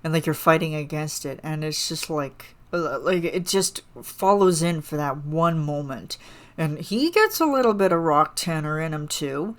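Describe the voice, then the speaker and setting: A woman's voice: sits low, animated, moderate pace. A woman hosting a solo podcast, gushing about a song in a rambling, casual way full of fillers. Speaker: podcast host reacting to a song.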